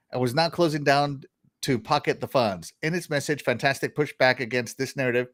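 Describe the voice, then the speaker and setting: A man hosting a casual gaming news show, joking, laughing often and reading out viewer comments. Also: mid-range voice. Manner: animated, laughs often, reads chat shout-outs. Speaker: podcast host. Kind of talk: casual chat.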